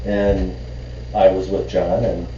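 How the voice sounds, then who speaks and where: Low-voiced man rambling through a story. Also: reverberant, distant mic, muffled recording, a little hiss or hum. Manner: rambling, halting restarts, animated when amused. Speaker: podcast co-host. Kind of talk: casual storytelling chat.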